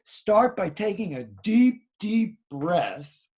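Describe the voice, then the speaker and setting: A man's voice: sits high, sing-song, slow pace, a little mellow, husky. A man teaching a children's drama class, guiding the young actors through vowel and breathing exercises. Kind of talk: guided classroom instruction.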